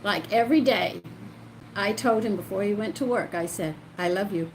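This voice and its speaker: An older grandmother telling the story of her own life, animated and emotional. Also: mid-range voice, moderate pace, a little hiss or hum, rough recording. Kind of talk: personal storytelling.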